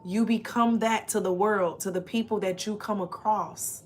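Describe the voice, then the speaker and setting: A woman with a middle-pitched voice leads an oracle card reading. She talks earnestly to the listener and calls them by fond names. She slows down and repeats phrases to drive them home. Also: fairly even intonation, slight background noise. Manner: earnest, speaks directly to the listener with endearments; repeats phrases slowly for emphasis. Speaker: spiritual card reader.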